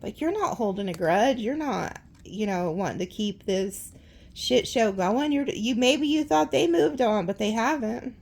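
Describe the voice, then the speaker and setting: A woman's voice: on the high side, expressive, measured pace, creaky, a little mellow. A woman giving a casual tarot reading in a chatty, dramatic way, with blunt slang and frequent laughter. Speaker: tarot reader.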